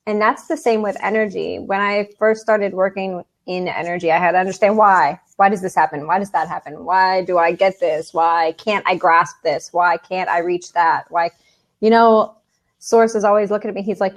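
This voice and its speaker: An American woman co-hosting a casual spiritual chat, chatty and quick to laugh. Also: on the low side. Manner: chatty, laughs often, animated. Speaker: co-host.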